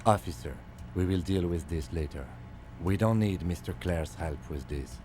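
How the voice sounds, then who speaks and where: A man doing a low, clipped stern police lieutenant. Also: normal speed, darkish tone, a little hiss or hum, lightly acted. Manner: clipped, dry, formal. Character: calm stern male police lieutenant, reserved. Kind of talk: voicing characters in a game playthrough.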